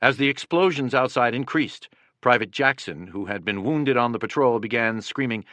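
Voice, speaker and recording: A man narrates a history audiobook in a steady, dramatic read. His voice sits on the low side, and the recording is dry and close with no room sound. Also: normal speed, dry recording. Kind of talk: scripted narration.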